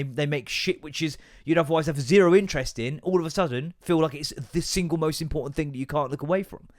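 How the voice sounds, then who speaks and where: A man hosting a podcast, ranting in a casual, sweary way and acting out both sides of remembered conversations. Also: fairly high pitch. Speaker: podcast host.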